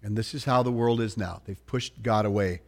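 A man preaching a sermon in a church, telling the story in an animated, joking way and swinging between loud bursts and hushed lines. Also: on the low side, normal speed. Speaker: pastor.

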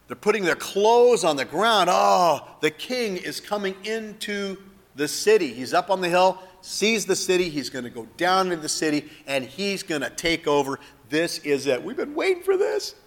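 A man's voice: a little high, fairly bright tone, in a large hall. A male preacher delivering a sermon in a dramatic, emphatic way, often putting questions to his listeners.

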